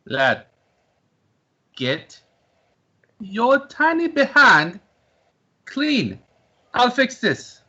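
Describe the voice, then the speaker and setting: Man doing a hearty, gruff fatherly tavern man. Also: extremely high pitch, huge pitch swings, drawn-out words, pauses often, dull audio, heavily acted. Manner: loud, hearty, barking.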